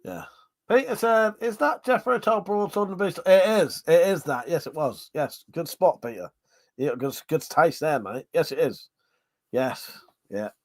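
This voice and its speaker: Man, livestream host, slightly high voice, crude jokey chat, dry close sound. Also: animated, a little slow, darkish tone, no room sound. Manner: laughs often, crude banter. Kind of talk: casual chat reading viewer comments.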